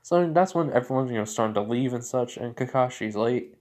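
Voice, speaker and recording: A man's voice: medium pitch, lively intonation, brisk, darkish tone. Rambling man retelling a story. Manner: rambling, corrects himself often, many fillers. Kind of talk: casual retelling of a fan story.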